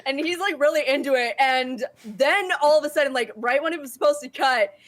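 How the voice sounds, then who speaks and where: A woman with a slightly high voice chats on a podcast and tells a story with lots of energy. She slips into other people's lines as she goes and keeps breaking into laughter. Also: brisk. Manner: animated storyteller, acts out quotes with laughter. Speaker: podcast co-host. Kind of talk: casual chat, telling a story.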